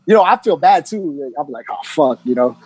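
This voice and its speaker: A man who is a DJ guest, talking in a relaxed way with frequent ums and laughs. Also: fairly high pitch, fast talker, no echo. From New York. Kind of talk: casual chat.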